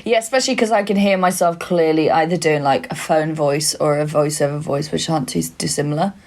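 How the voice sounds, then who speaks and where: A woman with a muddled northern English accent chats loosely as a podcast co-host. She tells her stories in a lively, animated way. Her voice sits a little low for a woman. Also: a little fast. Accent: mixed northern English. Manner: chatty, animated storyteller. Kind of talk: casual chat.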